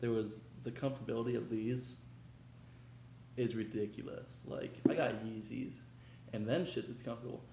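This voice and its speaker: A young man hosting a casual unboxing vlog, talking in an excitable, slangy, hyped way. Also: medium pitch, moderate pace, gravelly, very noisy. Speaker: vlogger. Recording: echoey room.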